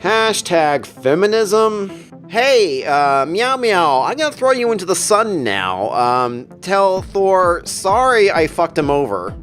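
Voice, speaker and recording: A man's voice: sits high, sing-song, slow, fairly bright tone, soft background music, full character voice. A man voicing a smug young superheroine in a flippant, mocking parody. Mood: dismissive.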